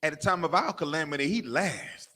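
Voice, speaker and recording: Forceful, fiery preaching man. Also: a little high, a little fast. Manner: profane, rhetorical questions, call-and-response; animated, mimics crying and barking for laughs. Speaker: preacher of a religious camp. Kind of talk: fiery street-style sermon.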